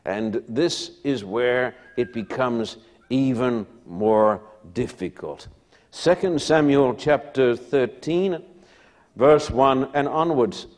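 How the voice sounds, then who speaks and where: A man preaching a sermon, retelling a Bible story dramatically, dropping to a hush and then rising loud again. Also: mid-range voice, slow pace.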